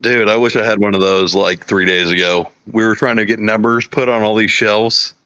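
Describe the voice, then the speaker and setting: Casual Texas-raised man, bright pushy tone, lo-fi stream audio. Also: lowish voice, steady tone, moderate pace, smooth, no room sound. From Texas, USA. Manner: laid-back, swears and laughs easily. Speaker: podcast guest. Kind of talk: casual chat on a livestream. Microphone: video call.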